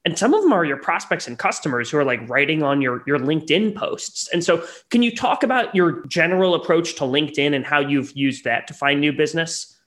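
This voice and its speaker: Male podcast host, light voice, casual and slightly halting. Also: on the high side, expressive, a bit bright. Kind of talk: casual interview questions. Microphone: video call with ring light.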